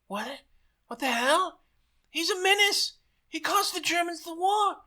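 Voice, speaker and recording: A man's voice: on the high side, lively intonation, measured pace, bright, forceful tone. A man voicing a scheming male propaganda minister who rants and schemes. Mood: shrieking rage. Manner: shrieking, ranting fury.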